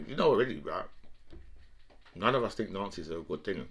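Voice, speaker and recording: A man's voice: low voice, expressive, a little fast, long pauses, a bit bright, slightly rough. A man giving heated political commentary. He talks emphatically, swears, and keeps asking "right?".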